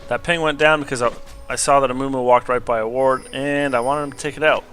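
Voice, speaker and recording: Bright-voiced excitable young male game caster. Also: fast, soft background music. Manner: excitable, jumps up in pitch at big plays. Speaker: gameplay commentator. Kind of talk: casual game commentary.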